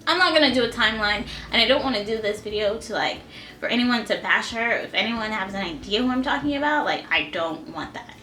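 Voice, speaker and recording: A young woman in her twenties telling a personal story to camera, shaky and close to tears, halting with many fillers. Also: a little high, expressive, bright, forceful tone, echoey room, slight background noise. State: on the verge of tears. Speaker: vlogger. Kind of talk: emotional storytime vlog. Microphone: camera mic at close range.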